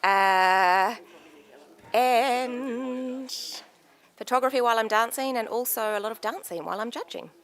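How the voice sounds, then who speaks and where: A woman's voice: fairly high pitch, a little slow, long pauses, a bit bright. A New Zealand woman, a photography judge, introducing herself casually with lots of giggles and self-deprecating jokes. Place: judging room.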